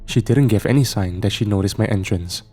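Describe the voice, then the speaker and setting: A man reading a first-person horror story aloud in a measured, steady storytelling manner. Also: lowish voice. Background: faint background music.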